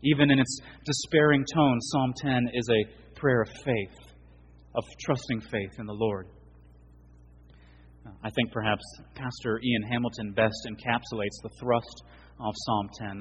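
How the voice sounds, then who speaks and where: Male pastor, husky voice, earnest preaching delivery with loud peaks and quiet drops. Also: medium pitch, fairly even intonation, unhurried, muffled recording. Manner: earnest preaching, swelling and dropping in volume. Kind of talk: sermon.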